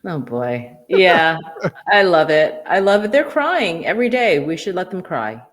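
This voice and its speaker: A woman's voice: fairly low pitch, very animated, a little slow. A woman co-hosting a casual political commentary talk show, bantering with a teasing, laughing manner. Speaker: podcast co-host.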